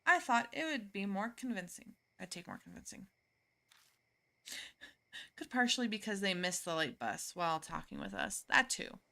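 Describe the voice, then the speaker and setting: A woman's voice: mid-range voice, lively intonation, normal speed, creaky, pushed and bright. A woman streamer casually reading and chatting through a story game, laughing often. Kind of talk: casual let's-play commentary and reading.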